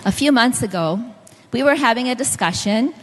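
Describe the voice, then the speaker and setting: A woman's voice: a little high, expressive, normal speed, big-room sound. A middle-aged woman preaching a sermon, telling stories and speaking directly to the congregation. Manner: storytelling, directly addressing the audience.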